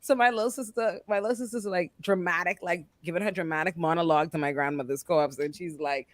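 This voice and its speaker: A woman's voice: fairly low pitch, fast, dry recording. Lady cohost, dry close studio mic, chatty, acts out voices and laughs a lot. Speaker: podcast co-host. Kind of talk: casual chat and storytelling.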